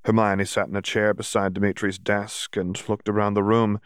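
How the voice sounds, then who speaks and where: A man's voice: on the low side, flat delivery, normal speed, clean tone, no echo, clean studio sound. A man narrating a fan fiction audiobook, reading the story and shifting his voice a little for each character.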